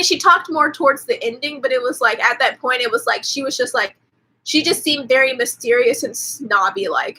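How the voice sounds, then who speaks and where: A woman's voice: sits high, sharp tone, breathy edge, rough recording. A woman hosting a casual live movie recap, chatty and profane, with lots of "like" fillers. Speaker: host.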